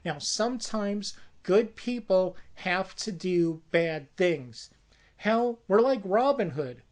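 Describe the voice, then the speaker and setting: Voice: mid-range voice, expressive, slow. A storyteller voicing a desperate adult brother who pushes a risky plan, talking in a pushy, persuasive way. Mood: insistent. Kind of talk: casual spoken movie pitch.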